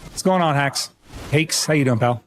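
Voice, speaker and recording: On a gaming livestream, this young American streamer greets his audience and spins stories, rambling and cursing with animated energy. He speaks at a moderate pace in a somewhat high voice over slight background noise.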